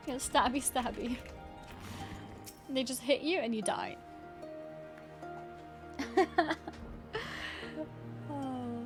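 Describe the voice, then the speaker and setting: A woman's voice: high voice, drawn-out words, vocal fry, long pauses. Giggly woman streamer over game music. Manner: chatty, giggly, thanks chat. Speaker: livestreamer. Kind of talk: casual gaming stream chat.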